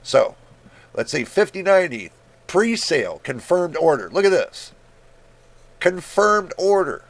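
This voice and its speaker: Speaking in a high-pitched, sing-song voice, a man takes his time with long pauses as he rants on a screen share. He's a tech YouTuber, exasperated and incredulous, blunt and casual, cursing without restraint.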